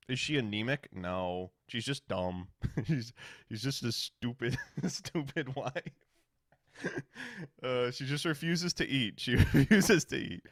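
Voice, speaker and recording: A man streaming and casually chatting, answering viewer questions in a sardonic, profane, animated way. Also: mid-range voice, slow pace, long pauses, dry recording, clean studio sound.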